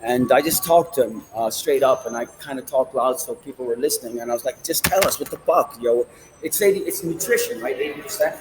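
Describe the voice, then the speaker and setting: A man's voice: mid-range voice, expressive, fast talker, few pauses, noisy background. A man vlogging in a rambling, casual monologue, swearing often and jumping between topics. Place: outdoors, standing, smoking a cigar.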